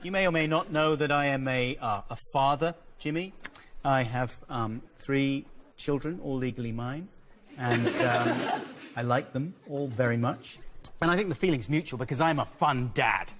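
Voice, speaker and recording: A man in his forties, a dictionary corner guest, doing a deadpan, mock-earnest comic monologue. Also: medium pitch, normal speed, noisy background. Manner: dry, mock-earnest, flustered bursts at a child.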